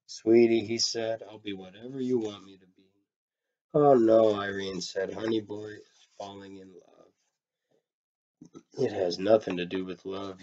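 A man reading a short story aloud, in a plain, low-key way, giving the characters' lines some life. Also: darkish tone, lo-fi sound. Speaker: reader.

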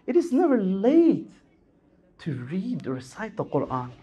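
Male preacher at a lectern mic, fervent sermon voice that swoops high and low. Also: wildly swooping pitch, measured pace, dark tone, husky, highs cut off. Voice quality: impassioned, rising and falling delivery. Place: Islamic center hall.

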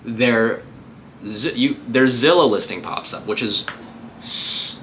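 A man's voice: mid-range voice, slow pace, fairly bright tone, a little hiss or hum. A man working as a real estate agent, giving a casual, upbeat tutorial on cold calling between live calls.

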